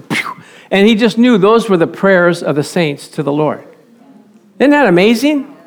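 A middle-aged man preaching a sermon with fervent energy, swinging from loud praise to soft, low storytelling.

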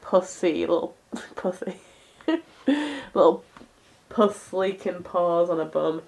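A woman's voice: lowish voice, fairly even intonation, slow, gravelly, a little mellow. A woman co-hosting a casual podcast chat, giggling as she reads comic panels aloud. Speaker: podcast co-host.

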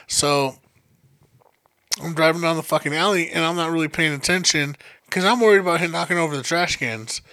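A man's voice: a little high, brisk, sharp tone, dry recording. A young man telling a story in a casual chat, profane and laughing as he goes.

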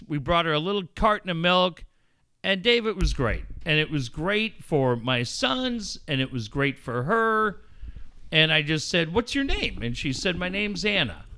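A man's voice: high-pitched, clear, resonant tone. A middle-aged man co-hosting a radio show, telling a story in casual banter and acting out each line of dialogue. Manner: animated storyteller acting out dialogue, swears freely. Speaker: radio co-host.

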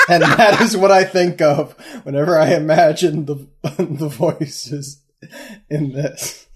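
A man with a somewhat high voice joins a casual podcast chat. He chimes in with dry corrections and jokes. He is quick to point out a wrong detail. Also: fairly bright tone. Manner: wry, chiming in with corrections and jokes. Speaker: podcast co-host.

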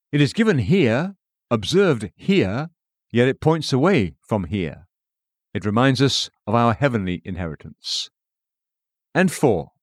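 A man reading a devotional book aloud in a measured way, quoting scripture and giving verse references. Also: medium pitch, no echo, clean studio sound. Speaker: audiobook narrator.

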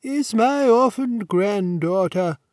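A man's voice: high voice, expressive, takes it slowly, darkish tone, no room sound, studio quality, pitched above the performer's own voice. A man voicing a fussy elderly warden. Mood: apologetic, courteous. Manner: courteous, fussy, apologetic. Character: elderly deferential male college warden.

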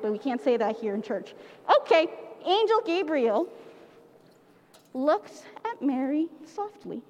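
Animated high-voiced woman leading a church pageant. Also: long reverb tail. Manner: animated, playful, coaxing the audience to join in. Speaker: children's pageant leader at church. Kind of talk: interactive storytelling for children. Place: church sanctuary.

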